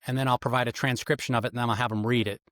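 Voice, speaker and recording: Retired investigator type, middle-aged man, rapid teaching talk, dry mic. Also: mid-range voice, no room sound. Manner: animated, instructive, acts out quoted lines. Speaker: guest, retired federal agent and interrogator. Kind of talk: explanatory interview talk.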